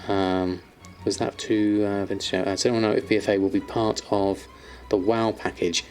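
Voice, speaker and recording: Chatty man, low voice. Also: flat delivery, moderate pace, darkish tone, soft background music. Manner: chatty, reads viewer questions aloud, many ums and fillers. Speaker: streamer answering chat. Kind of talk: casual live-stream chat.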